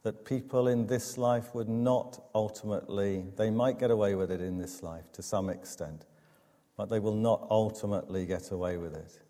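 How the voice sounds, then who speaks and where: A man preaching a sermon, measured and emphatic, with dramatic pauses. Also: fairly low pitch, fairly even intonation, warm tone. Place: church. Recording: long church reverb.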